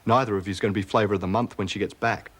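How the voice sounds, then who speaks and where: A man's voice: lowish voice, steady tone, rapid-fire, breathy edge. An actor playing a smug, evasive male prison officer.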